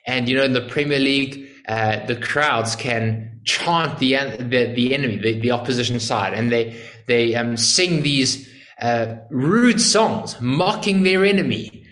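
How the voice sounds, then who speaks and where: A man's voice: medium pitch, measured pace, a bit bright. A male preacher giving an earnest sermon, explaining a passage and asking emphatic rhetorical questions. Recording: echoey room.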